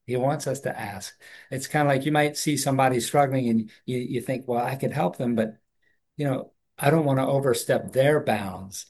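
Male co-host, earnest Bible-study talk, thoughtful, mid-pitched. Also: normal speed, darkish tone. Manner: earnest, thoughtful, with frequent restarts.

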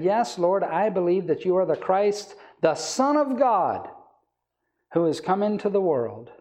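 Guy preaching a bible study, reads the verse then explains it hard, warm mellow tone. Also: on the high side. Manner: reads scripture aloud then explains it emphatically.

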